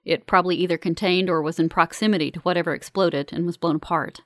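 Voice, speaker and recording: A woman reading a first-person story aloud in a calm, measured, earnest way. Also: lowish voice, dry recording, clean studio sound. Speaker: narrator. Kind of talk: first-person audiobook narration.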